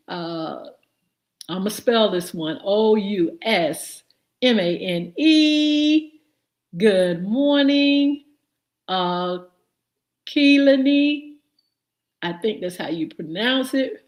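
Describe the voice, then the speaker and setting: A woman's voice: medium pitch, expressive, takes it slowly. A woman hosting a live morning show, greeting viewers by name and giving show updates with many fillers. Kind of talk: live-stream greetings and announcements. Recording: echoey room.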